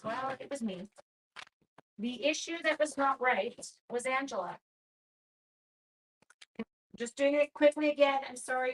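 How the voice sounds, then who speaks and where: A woman's voice: high voice, takes it slowly, long pauses, a little hiss or hum, low-quality recording. A middle-aged woman leading a live-streamed card-making demo, chatting casually and poking fun at herself as she works. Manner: chatty, self-deprecating, talks while working.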